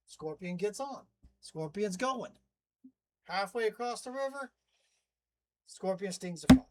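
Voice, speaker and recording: Man, high voice, wry, chatty, rambling asides, casual monologue. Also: animated, measured pace, long pauses, noisy background. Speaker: vlogger playing a demon narrator.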